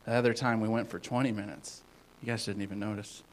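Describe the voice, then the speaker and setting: A man giving an informal sermon as a youth pastor, rambling with many fillers and swinging between loud and hushed. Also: lowish voice, steady tone, quick pace, slight background noise, low-quality recording.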